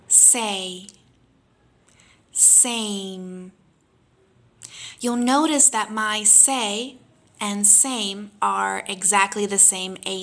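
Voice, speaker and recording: A woman teaching pronunciation, patiently modelling drawn-out vowel sounds for learners to repeat. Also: mid-range voice, creaky, a bit bright. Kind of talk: slow instructional lesson.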